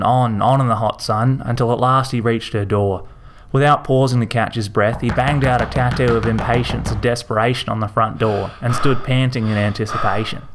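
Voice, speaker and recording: A man narrating a story in a measured, vivid way. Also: lowish voice.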